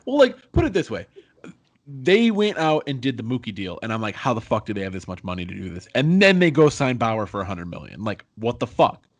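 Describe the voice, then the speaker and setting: A man's voice: mid-range voice, very animated, fairly quick, dry recording. A young man co-hosting a casual sports podcast, rambling through baseball talk in a laid-back way with some swearing. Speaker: podcast co-host.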